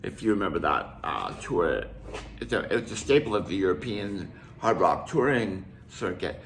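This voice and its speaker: A man's voice: sits low, lively intonation, moderate pace, a little hiss or hum. An older man from Canada, casually telling a rambling story with restarts and asides. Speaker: musician telling a tour story.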